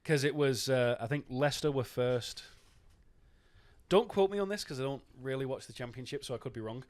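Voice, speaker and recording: Brief: man, podcast co-host, mid-pitched, loose and sweary, laughs easily. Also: fairly quick. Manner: chatty, swears freely, laughs often. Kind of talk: casual football chat.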